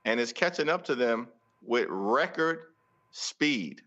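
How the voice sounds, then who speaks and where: Forceful politician on a muffled line. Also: male voice, medium pitch, animated, slow pace. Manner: forceful, rhetorical, repeats phrases for emphasis. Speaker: congressional leader interviewed as guest. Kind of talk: political talk show commentary.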